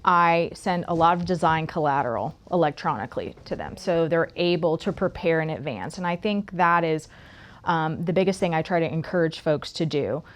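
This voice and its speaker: A woman's voice: low-pitched, animated, moderate pace. A woman who works as an interior designer, chatting as a guest and explaining her process step by step, often checking in with "right?". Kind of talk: casual interview chat.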